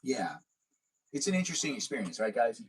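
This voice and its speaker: A man's voice: medium pitch, very animated, a little fast, husky, poor audio. Rambling man hosting a live stream. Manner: rambling, repeats his own catchphrases. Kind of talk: casual live stream chat.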